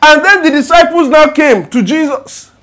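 A man preaching a sermon in church. He moves from hushed prayer to loud, animated storytelling. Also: very high voice, normal speed. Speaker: pastor. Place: church service.

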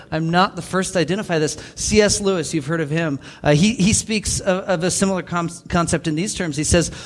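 Emphatic man preaching, fairly high voice. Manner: emphatic, quotes scripture and authors. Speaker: pastor. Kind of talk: sermon. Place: church.

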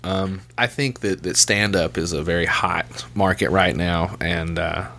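A man's voice: low-pitched, fairly even intonation, measured pace, gravelly, sharp tone. A man hosting a podcast in casual chat, telling loose, profane stories and laughing as he goes. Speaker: podcast host.

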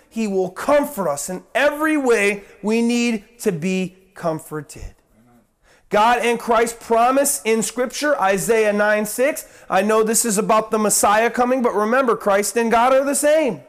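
A man preaching a conversational sermon, earnest, slowing down for repeated lines of emphasis and slipping into mock-whiny asides. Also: sits high.

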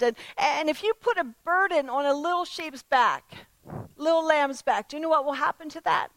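A woman's voice: high voice, a bit bright, no echo, poor audio. A woman preaching a sermon to a congregation, asking earnest repeated questions and often restarting her words. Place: church service before a congregation.

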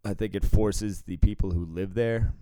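A man's voice: fairly low pitch, fairly even intonation, normal speed, mellow, smooth, dry recording. A man from Cambridge, Massachusetts, chatting casually, cursing freely and laughing often. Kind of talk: casual chat.

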